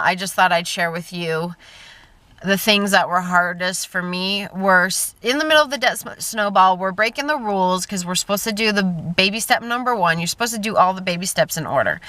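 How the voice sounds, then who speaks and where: A woman's voice: mid-range voice, moderate pace, bright, forceful tone, no echo. A woman in her thirties talking casually to camera in a personal vlog, chatty and emotional, often trailing off and restarting. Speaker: vlogger.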